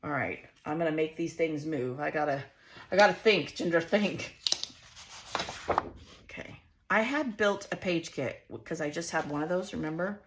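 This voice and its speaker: Background noise sits behind a low-voiced woman with a Southern US accent as she hosts a casual scrapbooking vlog at a moderate pace. She talks to herself in a chatty way, wondering aloud while she arranges stickers.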